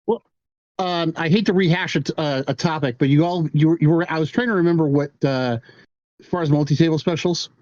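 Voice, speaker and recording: A man's voice: fairly high pitch, brisk, a little mellow, dry recording. Man on a slightly dull, dry line. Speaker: podcast co-host. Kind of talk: casual chat.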